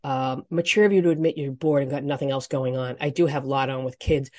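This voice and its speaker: A woman hosting a solo dating podcast, reacting with frank, profane indignation and swinging between quiet emphasis and loud outbursts. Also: very deep voice, steady tone, fast talker, few pauses, no room sound, clean studio sound. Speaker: dating coach podcast host.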